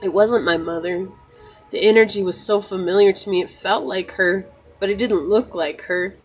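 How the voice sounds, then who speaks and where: Faint music sits behind the poor audio as a tarot channel host talks to her viewers from the heart. Her mid-range voice is slightly rough and moderately paced; she's earnest and emotional, near tears at times, repeating phrases and saying "you know" a lot.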